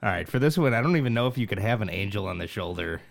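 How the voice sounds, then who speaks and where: A man's voice: fairly low pitch, expressive, very fast, gravelly, no echo. Swearing man, ranting. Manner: swearing, rants and yells in frustration. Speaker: podcast co-host. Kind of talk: casual improv comedy chat.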